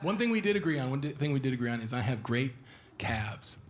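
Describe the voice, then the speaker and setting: A young man performing a stand-up comedy set live on stage, animated and acting out shrill impressions of his girlfriend. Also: quick pace, a little hiss or hum. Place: theater stage before a live audience. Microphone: stage microphone. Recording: live stage recording with audience laughter. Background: audience laughter and applause.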